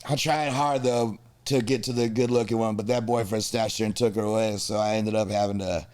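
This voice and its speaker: An American musician telling crude, comic stories from his travels in a relaxed podcast chat. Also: on the low side, brisk. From United States. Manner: animated, crude, comic storytelling. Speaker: musician guest. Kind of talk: storytelling in a casual podcast chat.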